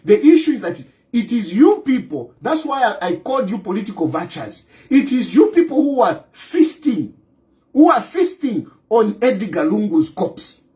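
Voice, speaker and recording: A Zambian man giving an impassioned political monologue to camera, forceful and repetitive, hammering his points again and again and breaking into scornful laughs. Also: high voice, very animated, normal speed. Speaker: political commentator.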